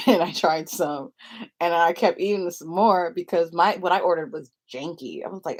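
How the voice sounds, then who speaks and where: Chatty young woman with a lowish voice. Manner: chatty, rambling, quick to giggle. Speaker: vlogger. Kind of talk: casual storytime chat.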